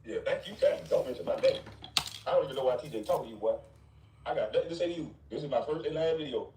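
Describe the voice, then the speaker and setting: A man's voice: medium pitch, racing, recorded from a distance, background noise. A man ranting in a blunt, mocking, dismissive way, with scornful laughs. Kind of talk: ranting commentary. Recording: roomy, off-mic.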